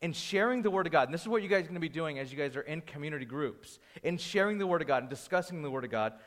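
With a long reverb tail behind him, a pastor races through a Bible class in a slightly high, expressive, fairly bright voice. His delivery is conversational and full of restarts and anecdotes, gaining energy as he storytells.

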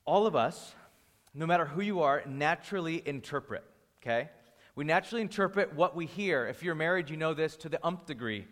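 A pastor teaches a church class in a relaxed, conversational way, full of restarts and stories. His voice sits a little high for a man. The sound rings with the long reverb of a large hall. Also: a little fast. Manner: conversational, restarts and anecdotes, rising energy when storytelling.

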